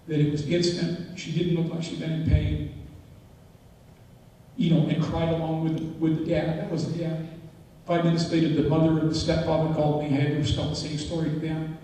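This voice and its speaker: A middle-aged father giving an emotional, halting personal testimony to a school assembly. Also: a little high, monotone, dark tone. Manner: emotional, halting, with repeated phrases. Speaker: father giving a talk to students. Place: large indoor hall, school assembly. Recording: echoey hall from far off.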